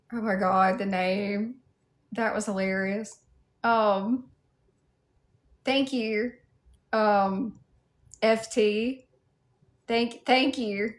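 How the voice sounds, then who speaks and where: A woman with a Southern American accent, speaking in a fairly high voice. She chats on a livestream in a playful, sassy way. She greets viewers by name and banters with the chat. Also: a bit bright. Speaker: livestreamer in cosplay. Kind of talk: casual livestream chat reading viewer comments.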